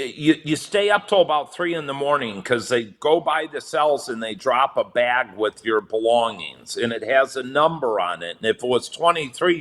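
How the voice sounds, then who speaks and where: A man who is a podcast guest, telling profane, animated stories and chuckling between them. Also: mid-range voice. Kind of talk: casual storytelling.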